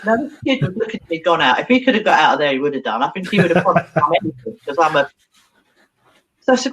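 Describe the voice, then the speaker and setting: A woman's voice: on the low side, quick pace, low-quality recording. A woman, a therapist, telling a story animatedly in an interview, acting out voices and laughing often. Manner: expressive, acts out dialogue, laughs often.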